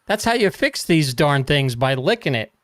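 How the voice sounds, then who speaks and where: A man co-hosting a podcast in casual chat, joking dryly with halting restarts. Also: on the high side, very animated, fairly bright tone, no room sound, studio quality. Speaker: podcast co-host.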